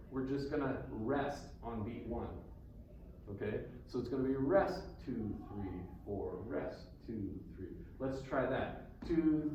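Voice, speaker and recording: A man's voice: mid-range voice, a little mellow, a little hiss or hum. A man teaching a group rhythm class, counting beats aloud and cheering the students on. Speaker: guitar teacher. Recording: roomy, distant mic, music in the room.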